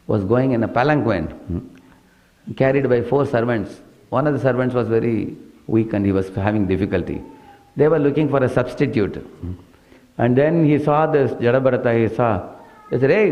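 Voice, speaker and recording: A man's voice: medium pitch, lo-fi sound. A man preaching a storytelling sermon, dotting his telling with "hmm" and questioning "huh?" asides.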